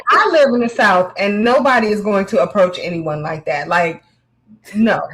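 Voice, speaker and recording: A woman co-hosting a casual chat, teasing her co-host bluntly and pitching a product like a salesperson. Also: moderate pace, fairly bright tone, a little hiss or hum.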